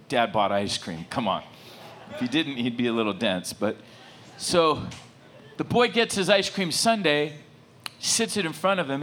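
A middle-aged man preaching a sermon, telling a story with lots of rambling asides and animated bursts. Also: on the high side, slight background noise. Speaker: pastor.

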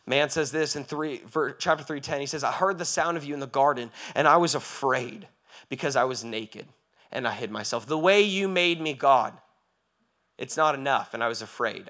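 A male pastor with a mid-range voice delivers a sermon that builds from quiet reflection to loud, impassioned preaching. He asks rhetorical questions over and over.

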